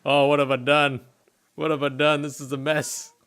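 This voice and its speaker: A guy voicing a cowardly little vampire from a video game, fretting and helpless, bright tone. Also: a little high, little pitch movement, normal speed, clean tone. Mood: fretful. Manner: fretful, helpless. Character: cowardly, hapless young vampire man.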